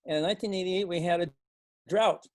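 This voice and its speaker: An older man from Montana tells a farming story to a club in a folksy, rambling way. His voice sits a little high and perks up when he quotes people. The sound is dry and close. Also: brisk, no echo. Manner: folksy, animated when quoting others, many fillers and restarts. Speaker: organic farmer and speaker.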